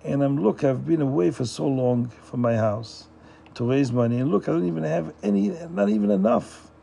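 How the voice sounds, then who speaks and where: A man's voice: medium pitch, lively intonation, normal speed, gravelly, warm tone. A man doing a poor, shy, worried father. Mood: despairing. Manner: worried muttering to himself. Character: poor, shy, despairing older Jewish father.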